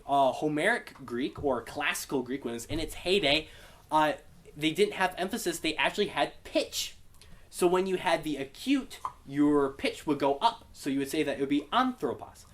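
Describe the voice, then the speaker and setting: Man teaching a casual Greek class. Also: fairly high pitch. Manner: relaxed, explanatory, takes student questions. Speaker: Bible study Greek teacher.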